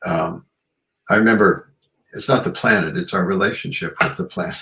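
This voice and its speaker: In a thoughtful interview, a man who is an author and shamanic practitioner talks earnestly and muses aloud, frequently saying "you know." His low voice sounds gravelly, pushed, and bright at a moderate pace, and the recording is low quality.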